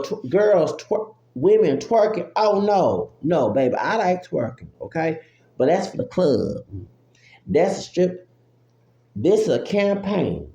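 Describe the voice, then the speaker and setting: Man, gravelly voice, profane unfiltered rant, repetitive exclamations, phone recording, roomy echo. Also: on the high side, a little mellow. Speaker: vlogger. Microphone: phone app recording. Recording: roomy echo with faint hum.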